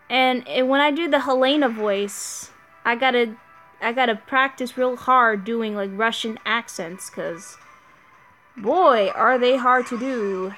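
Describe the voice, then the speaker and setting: Slow-talking woman rambling over gameplay. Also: on the high side, fairly bright tone. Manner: rambling, restarts sentences often. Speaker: gaming channel host. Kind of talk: casual gameplay commentary.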